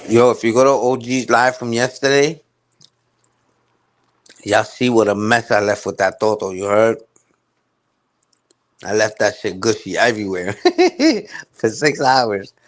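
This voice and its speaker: A man's voice: on the low side, fairly even intonation, a little slow, long pauses. A man ranting casually on his live stream. He repeats himself, uses heavy slang and keeps asking "you heard?".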